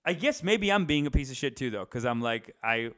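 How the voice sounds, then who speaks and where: A young man's mid-range, slightly bright voice comes across as expressive and a little fast as he vlogs from inside his parents' house. His casual, meandering talk to the camera includes swearing, frequent fillers, and restarts.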